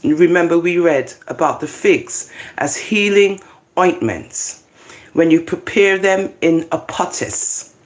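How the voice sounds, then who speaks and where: A speaker, reading scripture aloud with commentary, getting excited and then calming down. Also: mid-range voice, slow. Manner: excitable, animated, swings between loud bursts and quiet asides. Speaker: Rastafarian Bible reader.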